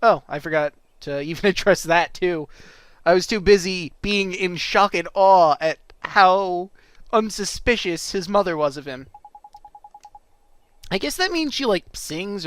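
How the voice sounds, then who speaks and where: A let's play host gives casual, jokey commentary over a game, chatting away and often correcting themselves mid-sentence with little asides. The voice is medium-pitched and a bit bright, with no room sound.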